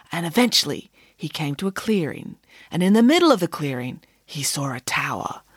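Woman narrator, playful, dramatic, lively pitch, close dry recording. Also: husky, no echo. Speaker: audiobook narrator. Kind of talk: expressive scripted narration.

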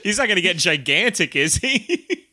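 Man cohost, slow laid-back talk, kinda high voice, dry close mic. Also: big pitch swings, bright, forceful tone, no echo. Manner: laid-back, hesitant with fillers. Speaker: podcast co-host. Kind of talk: casual comedic recap chat.

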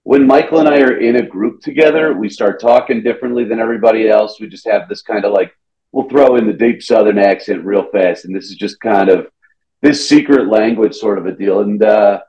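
A man's voice: lowish voice, fairly quick, warm tone. A young man from Georgia, a comedian, chatting loosely on a podcast and saying "dude" a lot. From Atlanta, Georgia. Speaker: comedian guest. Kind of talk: casual podcast chat. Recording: dull lo-fi sound.

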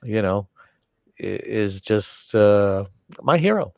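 An older American man, a guest on an interview show, telling a story in an animated way and acting out the voices of the people in it. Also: fairly low pitch, slow pace, creaky, dry recording. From United States. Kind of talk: storytelling in conversation.

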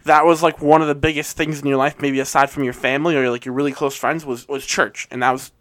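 A man's voice: mid-range voice, level tone, fast talker, fairly bright tone, no room sound. A young man co-hosting a podcast, explaining at length with many fillers and wry remarks. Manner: rambling, hedging with fillers, wry. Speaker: podcast co-host. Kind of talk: casual podcast banter.

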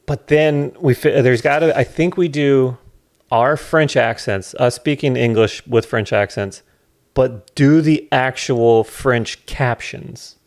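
Male comedy podcast co-host, mid-pitched voice, deadpan sarcasm. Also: slow pace. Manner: dry, sarcastic deadpan jokes. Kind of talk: casual chat.

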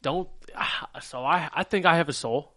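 Teasing young man, slightly high voice. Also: normal speed. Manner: teasing, deadpan needling. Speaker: podcast co-host. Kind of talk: casual podcast banter.

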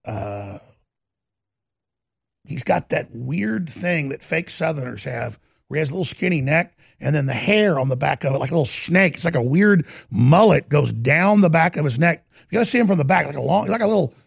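A male host delivering indignant, rambling political commentary that breaks into shouts at times. His voice is fairly high for a man. It is gravelly and rough, with a husky edge. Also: animated, moderate pace, no echo, studio quality.

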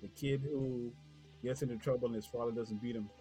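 A man's voice: mid-range voice, fairly even intonation, brisk, dark tone, faint music behind. A man co-hosting a podcast in casual chat, joking bluntly with mock indignation. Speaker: podcast co-host.

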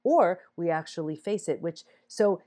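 A woman's voice: on the low side, animated, normal speed, warm tone. A woman hosting an interview, reflecting on her guest's story and asking probing follow-up questions. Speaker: interview host. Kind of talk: conversational interview.

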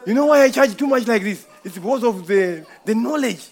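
A man's voice: extremely high pitch, animated, brisk. A man giving an informal church testimony, telling a rambling story with frequent chuckles.

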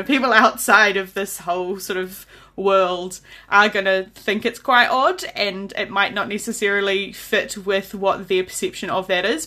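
A woman's voice: medium pitch, sharp tone. A woman with a New Zealand accent hosting a podcast, chatty and self-deprecating, laughing often. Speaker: podcast host. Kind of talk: casual chat.

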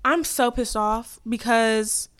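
A woman's voice: a little high, slow, clear, resonant tone. Blunt, sassy young woman podcaster. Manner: blunt, profane, sassy ranting; animated, swings loud and quiet. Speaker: podcast host. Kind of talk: casual chat.

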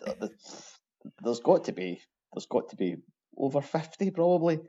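Man, Glaswegian Scottish accent, mellow dark tone, chatty with restarts, dull lo-fi recording. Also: a little high, big pitch swings, moderate pace, slightly rough. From Scotland. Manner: chatty, with many restarts and fillers. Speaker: interview guest, truck driver. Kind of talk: casual interview chat. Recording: dull lo-fi sound.

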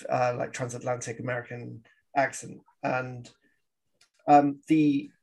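Creaky and darkish, his mid-range voice comes out flat and unhurried. He's a podcast co-host casually discussing old films, often laughing and performing quoted lines.

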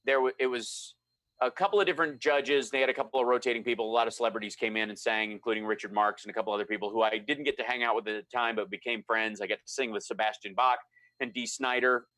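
A middle-aged man telling a story in a relaxed chat, animated and acting out the voices of the people he quotes. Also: mid-range voice, fast talker, no echo. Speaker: guest storyteller.

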